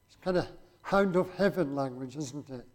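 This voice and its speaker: A man preaching to a congregation in a rather high voice. He reads scripture aloud and talks in a conversational way, turning to the listeners with rhetorical questions. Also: moderate pace. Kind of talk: sermon with scripture reading.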